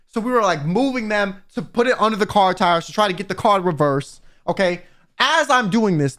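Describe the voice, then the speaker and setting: A young man telling a wild story to his viewers in a casual, exasperated, animated way. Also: high-pitched. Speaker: vtuber storyteller.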